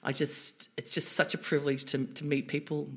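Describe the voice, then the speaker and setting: A woman in her forties with an Australian accent, a guest in a casual interview, telling animated stories with lots of laughter and restarts. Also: sits low, normal speed.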